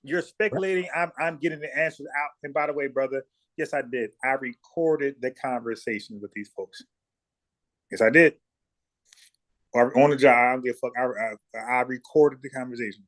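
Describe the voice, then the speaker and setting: A man's voice: medium pitch, normal speed, fairly bright tone. A man from South Carolina hosting a livestream, talking bluntly and profanely, repeating words when he gets fired up. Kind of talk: casual heated debate.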